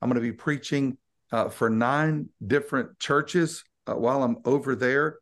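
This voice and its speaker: A man co-hosts a podcast, teasing his friends and telling stories in a relaxed way. His voice sits in a middle pitch. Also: moderate pace. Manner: teasing, storytelling. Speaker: podcast co-host and preacher. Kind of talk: casual chat.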